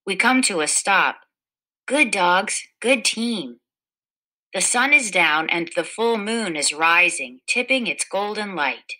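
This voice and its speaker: A woman reading a children's picture book aloud in a gentle storytelling manner, livening up the quoted lines. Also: mid-range voice, expressive, slow, poor audio. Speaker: storybook reader.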